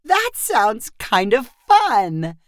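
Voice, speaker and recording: A woman voicing a doting elderly grandmother who sounds gentle and fretful. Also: a little high, wildly swooping pitch, drawn-out words, no room sound, clean studio sound, pitched above the performer's own voice, full character voice.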